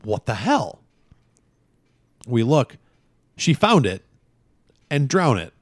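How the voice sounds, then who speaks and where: A man co-hosting a podcast, telling a story in a lively, casual way and swearing often. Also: mid-range voice, slow, dry recording. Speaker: podcast co-host. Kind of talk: casual chat.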